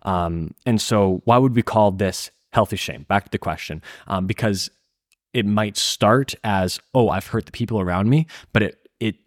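Deep-voiced young guy on a christian podcast, lots of ums and restarts, dry close sound. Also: moderate pace, no echo. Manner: thoughtful, searching for words with many fillers and restarts. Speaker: podcast co-host. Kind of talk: casual Christian podcast discussion.

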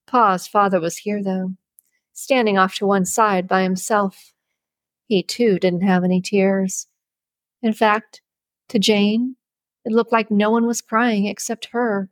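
A woman reading a novel aloud as an audiobook narrator, with steady, measured storybook narration. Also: mid-range voice, dry recording.

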